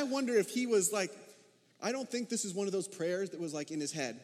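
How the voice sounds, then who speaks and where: A man's voice: high voice, lively intonation, fairly quick, in a large hall. A man preaching a sermon as the pastor, conversational, with frequent rhetorical questions.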